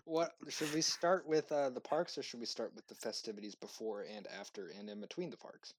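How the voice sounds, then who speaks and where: A man's voice: mid-range voice, fairly even intonation, brisk, dry recording. A man co-hosting a casual podcast, bantering in an easygoing, playful way. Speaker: podcast co-host. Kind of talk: casual chat.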